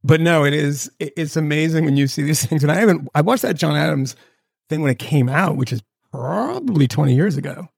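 A man with a gravelly, slightly high voice talks loosely and jokily, wandering from thought to thought in casual podcast chat. The sound is dry and close, like a home video call. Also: animated, no room sound. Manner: rambling, jokey, swears, does quick mock voices. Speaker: podcast co-host.

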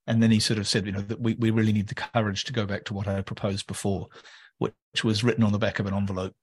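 Man, husky voice, podcast co-host, wry, joking, rambling political chat. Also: lowish voice, flat delivery, fast talker.

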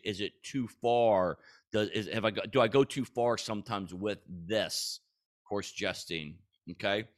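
A man hosting a Christian podcast, talking casually and earnestly in a rambling way, with frequent restarts and bursts of animation. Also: lowish voice. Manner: rambling, repeats himself and restarts, with animated bursts when quoting God. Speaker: podcast host.

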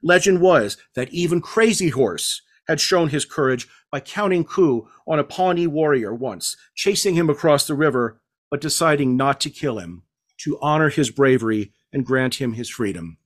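A male author reading his novel aloud as measured, hard-edged first-person narration. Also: a little high, animated.

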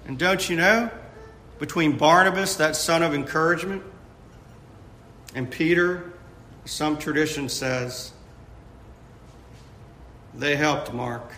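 Male pastor, slow deliberate sermon delivery, bright high voice, echoey church room. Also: a little hiss or hum. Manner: emphatic preaching, rising and dropping to a hush. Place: church sanctuary.

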